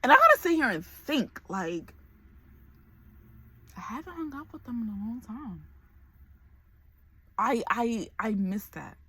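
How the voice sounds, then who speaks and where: A woman's voice: a little high, big pitch swings, unhurried, pauses often, bright, forceful tone, breathy edge. A woman in her forties talking candidly to camera in a personal vlog, emotional and close to tears. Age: 40s. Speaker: vlogger.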